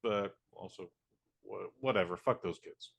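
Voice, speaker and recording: A man's voice: on the low side, unhurried, vocal fry, breathy edge. A man co-hosting a podcast in casual chat, laid-back and bluntly crude. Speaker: podcast co-host.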